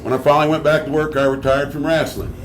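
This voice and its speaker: A man telling a comic story on stage, animated, laughing through it and swearing freely. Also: fairly high pitch, quick pace. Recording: live crowd noise around the voice.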